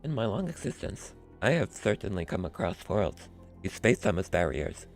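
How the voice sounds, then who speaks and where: A man putting on a gravelly deep robot scholar. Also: faint music behind. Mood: formal. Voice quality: deep, slow robotic monotone. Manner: measured, formal delivery. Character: stately male robot scholar, calm and formal.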